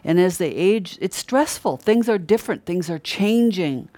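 A middle-aged preacher talks through a sermon in a relaxed, conversational way, leaning on certain words and repeating them for weight. The voice sits in a middle pitch and sounds earnest. It is recorded close and dry, with no room echo. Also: normal speed. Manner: earnest, emphatic repetition of key words. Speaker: Christian preacher.

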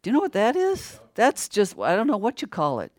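An older preacher giving a sermon, asking rhetorical questions, answering them, and growing louder and higher when stirred. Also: wildly swooping pitch, a little fast, no room sound.

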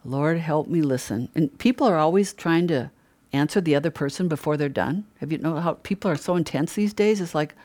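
A woman's voice: deep voice, brisk, darkish tone. An older woman preaching a conversational sermon, chatty, asking rhetorical questions and laughing often.

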